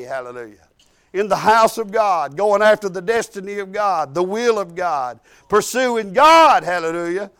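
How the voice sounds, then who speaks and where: High-voiced man preaching a folksy sermon. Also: lively intonation, normal speed, a bit bright, clear, resonant tone. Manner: folksy, emphatic preaching with frequent restarts. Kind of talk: sermon with personal testimony.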